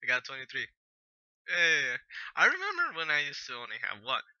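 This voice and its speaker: A young man rambling excitedly and giggling as he introduces a story reading on his channel. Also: a little high, brisk, no room sound, highs cut off. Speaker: YouTube story reader. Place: lying on the floor at home.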